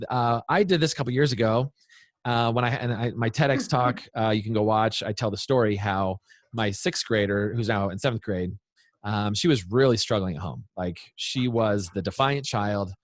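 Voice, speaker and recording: A man in his thirties or forties, an interview guest giving parenting advice in an earnest, animated way. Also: mid-range voice, moderate pace, no room sound, clean studio sound. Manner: earnest, animated, acts out quoted voices. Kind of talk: interview storytelling.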